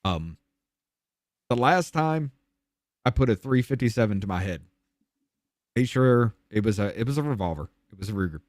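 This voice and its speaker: A man guest on a podcast candidly telling a hard personal story, blunt and profane, his voice dropping low and quiet on the painful parts. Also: animated, moderate pace, pauses often, dry recording, clean studio sound.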